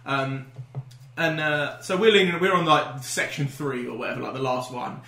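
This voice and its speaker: A podcast co-host with a medium-pitched, bright, pushed voice talks at a moderate pace. On a comedy podcast, he rambles through a story in casual banter, swearing and laughing often. The room is echoey.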